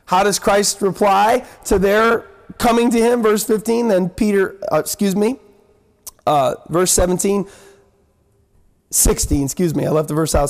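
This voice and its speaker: Man, high voice, earnest sermon, Bible teaching, repeats and restarts words, acts out voices. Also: unhurried. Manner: earnest, acts out quoted voices with sharp pitch drops and rises. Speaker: preacher.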